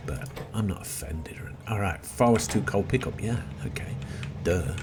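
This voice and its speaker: A middle-aged man with a lowish voice rambles through his gameplay commentary, swinging his pitch up and down as he jokes at his own expense. He often drops into quiet muttering to himself, and a clear hum of outdoor noise with seagulls sits behind him. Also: expressive, normal speed. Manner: chatty, self-deprecating, mutters to himself while playing. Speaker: let's play host. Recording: noisy background with seagulls.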